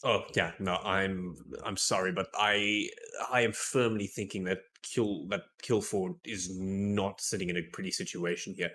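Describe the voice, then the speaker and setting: Low-voiced tired esports caster man. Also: fairly even intonation, unhurried, hardly any pauses, fairly bright tone, a little hiss or hum. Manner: chatty, playful, often restarts phrases. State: tired, yawning. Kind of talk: live esports commentary.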